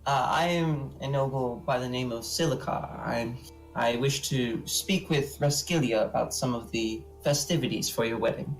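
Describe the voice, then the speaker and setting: Cool, clipped noble bard in a tabletop game, mid-pitched voice, faint music behind, voiced by a man. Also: moderate pace, distant mic, natural voice, low-quality recording. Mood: reserved. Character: aloof male noble bard.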